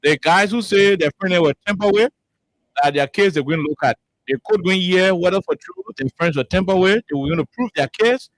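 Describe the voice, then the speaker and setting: A man's voice: sits high, fairly quick, dry recording, poor audio. A man hosting a live call-in talk show, arguing and repeating words as he presses his point. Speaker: radio talk show host.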